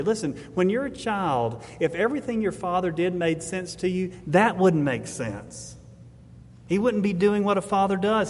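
Earnest middle-aged preacher in a reverberant hall. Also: male voice, a little high, a little mellow. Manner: earnest, rising to emphatic exhortation. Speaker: pastor. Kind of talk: sermon.

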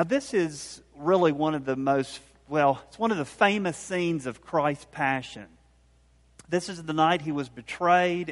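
A man giving a conversational sermon, retelling scenes with lively, animated voices and frequent restarts. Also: on the high side, in a large hall. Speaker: pastor.

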